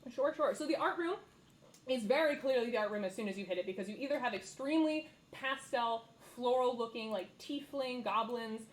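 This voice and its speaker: A woman's voice: a little high, brisk, poor audio. Chatty woman running a tabletop game. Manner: casual, lots of fillers, laughs easily. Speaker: dungeon master.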